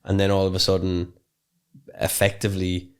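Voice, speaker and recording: A man's voice: deep voice, monotone, moderate pace, clean tone. A young man co-hosting a podcast, talking in a rambling, chatty way with plenty of fillers and restarts. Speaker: podcast co-host. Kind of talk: casual podcast chat.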